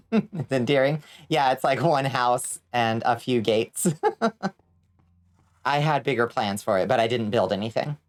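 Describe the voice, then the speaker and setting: A woman chatting loosely with her viewers while she plays a game. She talks in a relaxed, casual way, then yelps and curses whenever the game turns on her. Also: rumbling low, unhurried, long pauses. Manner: excitable, screams and swears when in danger. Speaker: streamer. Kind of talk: casual gaming stream chat.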